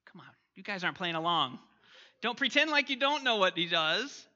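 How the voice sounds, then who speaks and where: A man's voice: high-pitched, expressive, moderate pace, pushed and bright, dull audio. A man teaching an interactive Bible lesson, questioning his class and reading scripture aloud.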